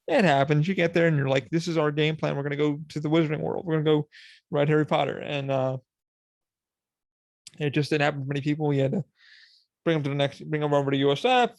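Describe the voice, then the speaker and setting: A young man hosting a podcast in casual solo chat, rambling and profane, laughing and quoting people in animated voices. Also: a little high, gravelly, no echo. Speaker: podcast host.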